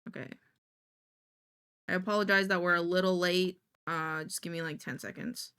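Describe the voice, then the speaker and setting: A woman's voice: lowish voice, fairly even intonation, normal speed, pushed and bright, clear, resonant tone. A woman streamer chatting casually to her viewers, thinking aloud in a jittery, self-deprecating way while she works. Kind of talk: casual live-stream chat.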